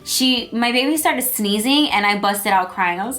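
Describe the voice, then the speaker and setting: A woman's voice: a little high, lively intonation, moderate pace, hardly any pauses, fairly bright tone, faint music behind. A young woman telling her birth story as a vlogger, chatty and emotional, with lots of fillers. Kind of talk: personal storytelling vlog.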